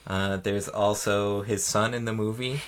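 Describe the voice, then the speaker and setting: A man's voice: on the low side, fairly even intonation, a little slow, clear, resonant tone. A man hosting a podcast, summarizing film plots in a plain, casual way with dry asides. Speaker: podcast host.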